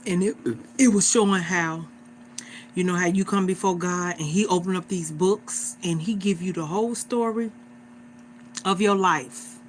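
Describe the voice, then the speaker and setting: A woman's voice: lowish voice, normal speed, a little hiss or hum. Earnest woman in her forties exhorting viewers. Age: 40s. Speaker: livestream host. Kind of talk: casual livestream preaching.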